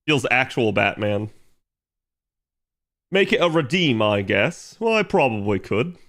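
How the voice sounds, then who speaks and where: A man's voice: medium pitch, very animated, measured pace, fairly bright tone. A young man streaming from home, chatting casually with his viewers in a rambling way full of fillers. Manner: rambling, filler-heavy, reads chat aloud.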